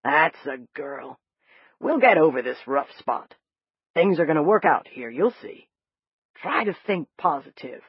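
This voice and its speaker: A narrator doing an older gruff kind man, folksy drawl, lower voice, audiobook, dull dry recording. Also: sing-song, a little slow, no room sound, exaggerated voice. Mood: coaxing. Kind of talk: audiobook character voice.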